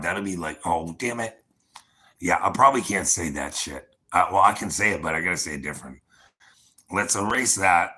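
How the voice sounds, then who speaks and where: A man's voice: low-pitched, bright, forceful tone. A man livestreaming, rambling through a profane, boastful rant and talking straight to his viewers, with chuckles between. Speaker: livestream host.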